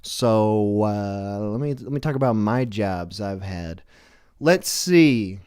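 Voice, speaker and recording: A man's voice: lowish voice, animated, slow pace, darkish tone, clear, resonant tone, no echo, clean studio sound. A man hosting a live stream, rambling through a self-deprecating comedic monologue full of restarts. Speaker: livestream show host.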